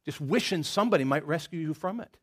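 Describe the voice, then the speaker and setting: A man with a Southern American accent preaching a sermon in a conversational way, moving between loud emphatic lines and hushed ones. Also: a little high, expressive, quick pace. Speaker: pastor.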